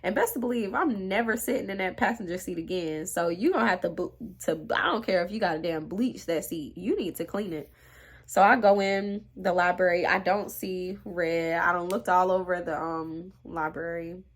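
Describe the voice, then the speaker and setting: Animated young woman telling a story. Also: fairly low pitch, moderate pace. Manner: animated, dramatic, drops to hushed whispers for emphasis; talks straight to viewers, slangy and exasperated. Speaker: storytime vlogger. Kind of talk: casual storytelling to viewers.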